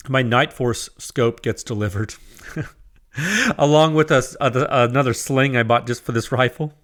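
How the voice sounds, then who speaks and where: Excitable man hosting a solo podcast. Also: mid-range voice, measured pace. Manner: excitable, rambling, many restarts. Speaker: podcast host.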